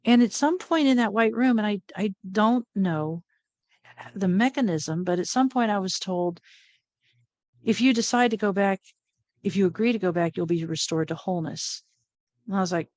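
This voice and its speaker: A middle-aged woman, an interview guest, telling a personal story in a lively way, often laughing and acting out what people said. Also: mid-range voice, normal speed, dry recording. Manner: animated, laughs often, acts out quoted lines.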